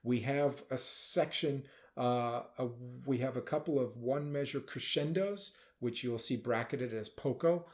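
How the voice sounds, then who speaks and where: A man's voice: mid-range voice, measured pace, few pauses. A man leading a band rehearsal as conductor, explaining casually and now and then singing or calling out musical phrases. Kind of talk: rehearsal instruction.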